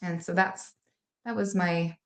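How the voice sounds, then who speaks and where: Thoughtful woman with a lowish voice. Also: steady tone, measured pace. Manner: hesitant, full of fillers. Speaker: podcast co-host. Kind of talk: reflective spiritual talk.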